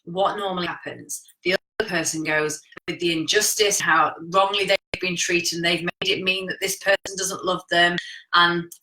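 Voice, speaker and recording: Chatty woman giving relationship advice, frank, swears a bit, bright voice, roomy echo. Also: fairly low pitch, steady tone, normal speed. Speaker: coach. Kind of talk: live-streamed talk reading viewer comments.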